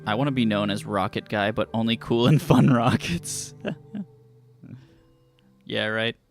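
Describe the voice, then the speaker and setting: A man's voice: lowish voice, unhurried, faint music behind. A man streaming a trivia game, casually joking with chat and reading clues aloud. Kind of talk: casual live-stream commentary.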